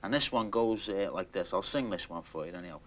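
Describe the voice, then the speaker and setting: A man, a fan writing a song, speaking in a halting, casual way. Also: sits low, fairly bright tone, slight background noise. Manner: halting, then singing slowly. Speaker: fan songwriter. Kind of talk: casual interview.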